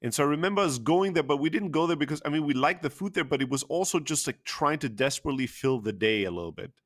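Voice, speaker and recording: A man's voice: fairly high pitch, animated, quick pace. A man telling an emotional personal story candidly, with frequent fillers and the odd swear word.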